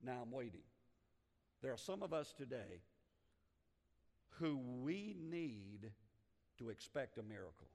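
A man's voice: mid-range voice, very animated, slow, vocal fry, pauses often, a little mellow, big-room sound. A man preaching a sermon as a pastor, talking emphatically with frequent restarts and building in volume.

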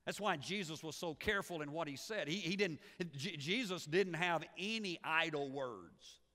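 Animated preacher in a reverberant hall. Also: male voice, fairly high pitch, normal speed. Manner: animated, repeats words as he builds a point. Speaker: pastor. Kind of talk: sermon.

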